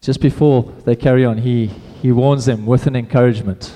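A man's voice: mid-range voice, steady tone, fairly quick, dark tone, in a large hall. A man preaching a sermon in a casual, conversational way, often restarting his phrases.

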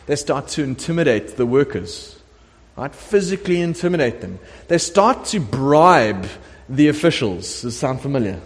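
A middle-aged man preaching a sermon as a pastor, telling the story in a lively way and acting out the voices of the people in it. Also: mid-range voice, normal speed. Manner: animated storytelling preacher, acts out quoted voices. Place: church sanctuary. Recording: long church hall reverb.

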